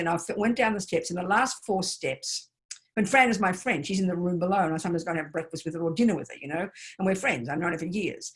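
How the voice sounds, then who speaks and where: A woman Buddhist nun gives a teaching talk over a video call. She speaks with emphasis and directness and turns to her listeners as if talking to each one. Her voice sits at an ordinary middle pitch.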